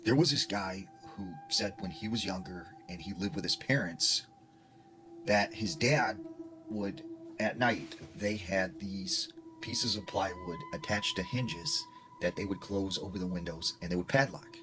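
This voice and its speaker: A man's voice: sits low, huge pitch swings, measured pace. A man casually telling a ghost story in a rambling way, full of fillers. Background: music.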